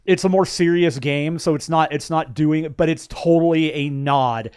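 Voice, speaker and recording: Middle-aged male co-host, casual game chat, higher pitch, rambling delivery. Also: normal speed, a little mellow, clean tone, no room sound. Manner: rambling, many restarts and fillers. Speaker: podcast co-host. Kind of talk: casual chat about video games.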